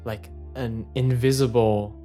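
A man's voice: medium pitch, fairly even intonation, takes it slowly, dark tone, faint music behind. A man narrating an improvised shared story, laughing often and rambling loosely.

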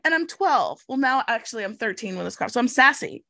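A middle-aged woman, a guest in an interview, telling a personal story in an animated, chatty way and tagging lines with "okay?". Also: on the high side, brisk, gravelly, no room sound. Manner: animated, chatty, acts out quotes, frequent "like" and "okay?". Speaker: guest, inclusive education researcher. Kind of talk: casual storytelling in a conversation.

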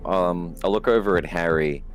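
Hesitant deep-voiced man playing a tabletop game. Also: normal speed, faint music behind. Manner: hesitant, many fillers, laughs easily. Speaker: player. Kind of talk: casual chat in a tabletop game.

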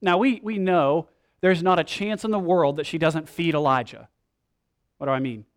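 Animated high-voiced male preacher. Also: normal speed. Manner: animated, retells scripture in slangy modern voices. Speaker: pastor. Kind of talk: sermon.

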